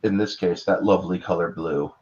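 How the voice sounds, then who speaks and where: A man in his thirties recounting a monster movie in casual chat, excitable and profane, acting out characters in voices. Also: low-pitched, a little fast. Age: 30s. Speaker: podcast panelist. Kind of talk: casual film discussion. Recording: dull lo-fi audio.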